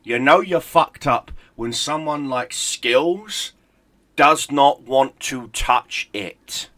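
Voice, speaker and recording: A man's voice: medium pitch, lively intonation, slow pace, pushed and bright, no room sound. A middle-aged man, a gaming YouTuber, in a heated, profane, sarcastic rant. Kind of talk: angry ranting commentary.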